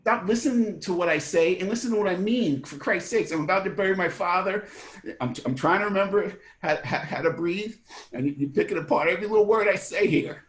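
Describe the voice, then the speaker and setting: A blunt grieving brother with a New Jersey accent stammers through rough, working-class talk, played by an actor. His voice sits a bit high and rings in a roomy echo. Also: a little fast, natural voice.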